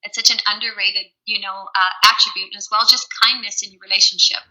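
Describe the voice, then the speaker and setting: Bright-voiced woman sharing earnest advice. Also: medium pitch, level tone, fast talker, poor audio. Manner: earnest and reflective, speaks in long run-on thoughts. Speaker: co-host answering relationship questions. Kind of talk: casual live-stream chat.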